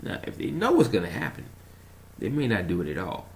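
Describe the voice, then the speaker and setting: A man rambling through a casual vlog monologue, telling a story in an animated way, chuckling and trailing off while he searches for words. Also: low-pitched, a little fast, vocal fry, slight background noise. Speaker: conspiracy vlogger.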